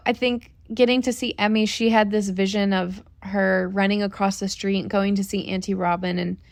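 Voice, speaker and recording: Gravelly-voiced woman telling a heartfelt story. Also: medium pitch, no echo. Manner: earnest, reflective storytelling with acted quotes. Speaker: podcast co-host. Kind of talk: casual storytelling chat.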